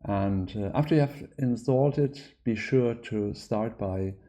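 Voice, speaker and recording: German-accented male developer, slow deliberate pace, low voice, halting tutorial delivery. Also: warm tone. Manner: hesitant, many filler sounds. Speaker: app developer giving a tutorial. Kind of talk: screen-recorded software walkthrough.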